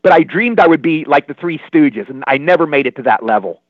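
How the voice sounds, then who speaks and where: An older man from Maryland spins rambling, digressive stories as an interview guest. His voice sits high and rushes along at a quick pace. The sound is dry and slightly muffled. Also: no echo. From Maryland, USA. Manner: animated, rambling, digressive, repeats himself. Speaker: guest actor. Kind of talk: anecdotal storytelling. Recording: dull lo-fi sound.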